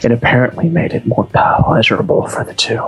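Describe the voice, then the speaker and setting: A man's voice: mid-range voice, a little fast, slightly rough, low-quality recording. Man reading aloud with mock drama. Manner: mock-dramatic, reads with put-on character voices. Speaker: reader.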